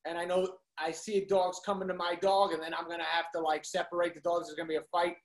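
Man, guest, rambling comic anecdote, high voice, acts out quotes. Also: little pitch movement, fast, low-quality recording. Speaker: interview guest.

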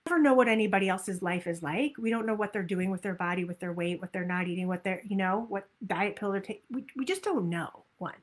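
A woman giving a motivational talk as a weight-loss coach, upbeat and animated, acting out people's inner voices. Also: medium pitch, fast talker, hardly any pauses.

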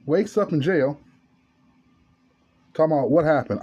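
A man's voice: on the high side, animated, measured pace, mellow, husky, dull audio. A man hosting a podcast, telling a story in a casual, profane monologue. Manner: profane, storytelling, rising to angry rant. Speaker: podcast host.

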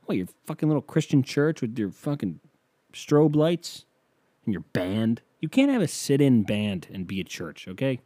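A man hosting a podcast, delivering a casual comedic monologue in a profane, ranting way that breaks into mock yelling. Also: mid-range voice, big pitch swings, moderate pace, no echo. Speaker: podcast host.

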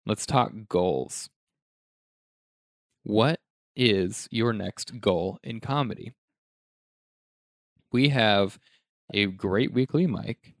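A man comedian hosting a casual podcast chat, relaxed and asking questions. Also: on the low side, very slow, pauses often, dry recording, clean studio sound. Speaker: stand-up comedian and podcast host.

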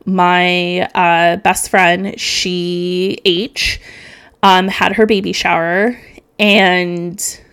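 A woman's voice: fairly low pitch, level tone, drawn-out words, fairly bright tone, clear, resonant tone. A young woman hosting a solo podcast, rambling and emotional, tearful at times, swearing casually and filling gaps with ums. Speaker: podcast host.

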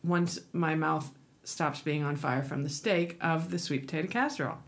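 A woman in her forties telling a lively story in casual chat, her pitch jumping up for emphasis. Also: moderate pace.

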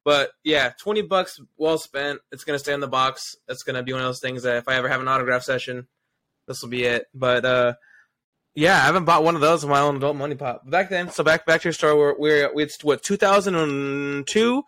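A man's voice: fairly high pitch, fairly even intonation, brisk, sharp tone, dry recording. A young adult man hosting a podcast, chatting eagerly with lots of fillers and side remarks. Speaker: podcast host. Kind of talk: casual podcast chat.

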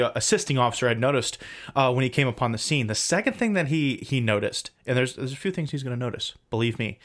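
A man co-hosting a casual podcast livestream, rambling through details with self-deprecating asides and quick jokes. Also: mid-range voice, a bit bright. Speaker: podcast co-host.

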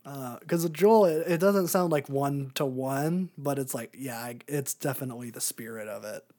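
A man co-hosting a podcast in casual chat, rambling, laughing often and trailing off into quiet filler words. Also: mid-range voice, normal speed. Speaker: podcast co-host.

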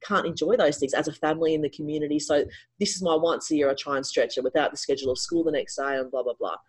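A middle-aged woman, a guest on an interview, telling a personal story in a casual, animated way with frequent restarts. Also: deep voice, fast talker, husky, poor audio.

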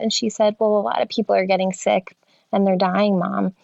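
A woman in her thirties, a healthcare worker and mother, talking casually with halting restarts and light laughs. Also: mid-range voice, fairly even intonation, gravelly, no room sound, lo-fi sound. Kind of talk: casual conversation.

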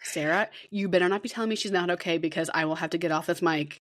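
A woman's voice: lowish voice, fast. A woman in her thirties co-hosting a casual podcast over a video call, telling stories with lots of swearing and acting out what others said. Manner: animated storyteller, swears freely, acts out quotes. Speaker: podcast co-host. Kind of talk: casual chat.

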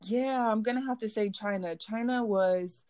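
A woman podcast host tells stories in a loose, chatty way and laughs often. Her voice sits at a middle pitch and sounds close and dry, with no room around it. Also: normal speed, no room sound. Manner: lively storytelling, laughs often. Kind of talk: casual chat.

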